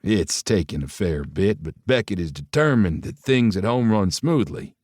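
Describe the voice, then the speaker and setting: A man voicing a laid-back man with a thick Texan accent and a deep, growly drawl. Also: lively intonation, a little mellow, no echo, studio quality. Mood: easygoing. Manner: slow drawl.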